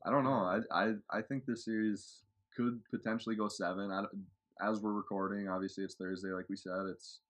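A man hosts a sports podcast with his friends in easygoing chat. His voice sits very low. He rambles, restarts and fills pauses as he goes. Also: steady tone, a bit bright. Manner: laid-back, rambling, frequent fillers. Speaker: podcast host.

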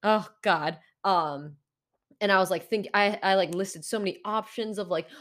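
A woman's voice: mid-range voice, moderate pace, a bit bright. Rambling young woman podcast host. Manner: rambling and apologetic, stumbling restarts, lots of "like". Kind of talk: casual solo podcast chat.

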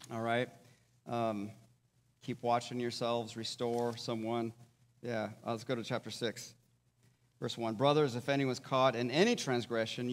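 A man giving a conversational sermon as a pastor, often checking in with his listeners. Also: medium pitch. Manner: conversational, checks in with "all right?" and "okay?". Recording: long hall reverb.

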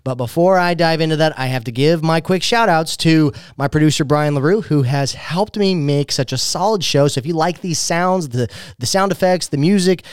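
A man's voice: a little high, normal speed, few pauses, smooth, no echo. A man from Oklahoma hosting a casual radio interview in a small studio, upbeat and chatty with fillers and restarts. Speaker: radio show host.

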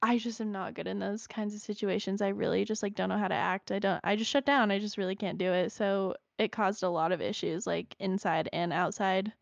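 A young woman in casual chat, telling an animated story full of "like" fillers. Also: medium pitch, fairly quick, vocal fry, hardly any pauses, dry recording. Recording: slightly dull lo-fi dry sound.

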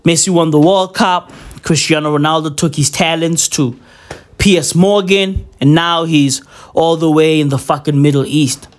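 A man's voice: on the high side, fairly even intonation, moderate pace. A young man vlogging a profane, rambling, mock-serious rant at home, peppering it with slang. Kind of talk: casual rant to camera. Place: indoors at home at New Year.

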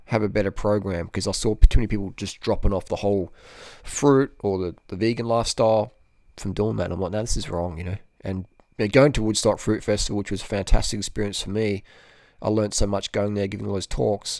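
A man speaks in a low, close, dry-sounding voice. He chats loosely as a guest, circling back on his points and filling gaps with "you know". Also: steady tone, brisk, gravelly, darkish tone, dry recording. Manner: rambling storyteller, many repeats and "you know". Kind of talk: casual conversation.

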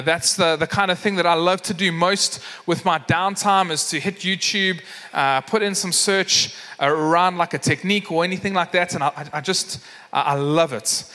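Preaching in a high-pitched, sharp-toned voice, a man from South Africa delivers a sermon built around a story. He acts out characters' voices and leans heavily on fillers, with long reverb from the hall audible throughout.

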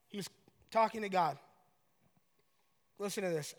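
A man from Colorado preaching a sermon, conversational and joking, building to loud emotional paraphrases. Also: sits high, unhurried, pauses often, long reverb tail. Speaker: pastor.

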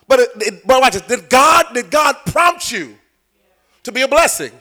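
Animated preacher man, high and lively. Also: moderate pace. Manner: animated, acts out little scenes, asks the crowd questions. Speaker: bishop. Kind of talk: sermon.

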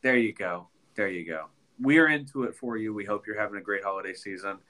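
Stuffed-up nasal guy hosting a podcast, lowish voice, lots of ums and restarts. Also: fast, sharp tone. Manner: rambling, with many ums and restarts. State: congested, nasal from a sinus infection. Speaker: podcast co-host. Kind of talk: casual chat.

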